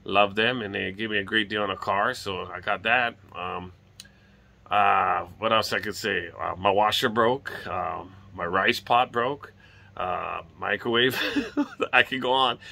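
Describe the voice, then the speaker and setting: A man's voice: fairly low pitch, creaky, bright, forceful tone. A middle-aged man from Hawaii with a light lilt, rambling casually and swearing now and then as he chats on his porch. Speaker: vlogger. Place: outdoors on a home porch.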